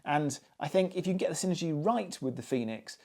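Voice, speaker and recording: A man's voice: on the high side, lively intonation, a little fast, mellow. A man reviewing hi-fi gear in a chatty, musing way, with frequent ums and asides. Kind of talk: casual spoken product review.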